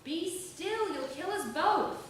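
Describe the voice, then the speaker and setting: A woman reading aloud voices a blunt working man who shouts and curses coarsely, heard from a distance in an echoey room. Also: very high-pitched, animated, slow pace, voice pushed up, heavily acted. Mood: gruff. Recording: roomy, distant, faint hiss.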